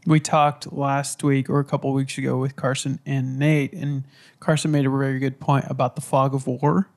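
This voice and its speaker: A man's voice: medium pitch, flat delivery, moderate pace. A man hosting a podcast in casual chat, stuffy from a cold, talking in an earnest, reflective way. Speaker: podcast host.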